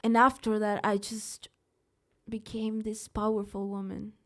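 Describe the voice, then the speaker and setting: A woman's voice: mid-range voice, flat delivery, measured pace. A young woman from Mexico, a singer, speaking openly and emphatically in a live interview, often restarting her words. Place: live event in a studio.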